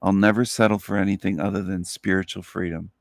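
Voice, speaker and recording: Sleepy man hosting a solo spiritual talk, low gravelly voice, dry close sound, slow earnest delivery. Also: level tone, no echo. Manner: slow, earnest, repetitive phrasing. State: sleepy, up all night. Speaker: channel host.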